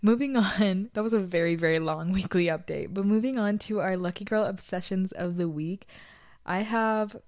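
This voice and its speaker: A woman's voice: mid-range voice, normal speed, a little mellow. A young woman hosting a casual solo podcast from a small bedroom, chatty and confessional, with lots of "like" fillers. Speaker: podcast host.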